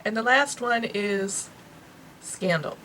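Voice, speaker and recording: A woman's voice: medium pitch, takes it slowly, sharp tone, a little hiss or hum, low-quality recording. A woman with a New York accent casually and enthusiastically reviewing beauty products she bought, chatting to her viewers. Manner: chatty, enthusiastic, lots of fillers. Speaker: beauty vlogger.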